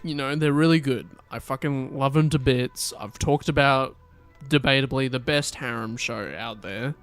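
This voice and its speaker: Podcast cohost guy, smooth clear voice, rambly and chill, drops the odd swear. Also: mid-range voice, normal speed, no echo, faint music behind. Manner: relaxed, rambling, swears casually. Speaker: podcast co-host. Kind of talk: casual chat.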